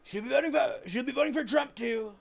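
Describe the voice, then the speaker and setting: A man putting on the voice of a male politician who taunts protesters at a rally, shouting and mocking. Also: very high voice, quick pace, vocal fry, pitched above the performer's own voice, exaggerated voice. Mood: taunting.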